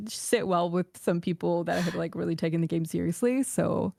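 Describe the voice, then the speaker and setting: A woman's voice: lowish voice, moderate pace, gravelly, few pauses, dark tone, no room sound, studio quality. A woman streamer in casual chat, talking through her opinions in a thoughtful, candid way.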